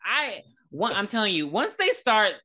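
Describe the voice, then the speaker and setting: A woman co-hosting a podcast, recapping a movie in casual, profane, animated storytelling. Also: medium pitch, moderate pace. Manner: animated, profane storytelling with dramatic quoted lines. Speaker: podcast co-host. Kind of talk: casual movie review chat.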